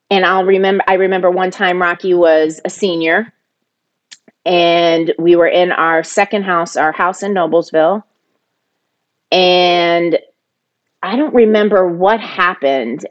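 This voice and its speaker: Middle-aged woman telling a family story. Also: medium pitch. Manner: emotional, rising sharply when quoting her younger self. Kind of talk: personal storytelling.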